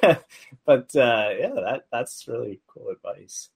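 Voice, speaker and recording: A man hosting a podcast, interviewing a guest in a relaxed way with quick agreement. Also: medium pitch, vocal fry, husky. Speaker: podcast host.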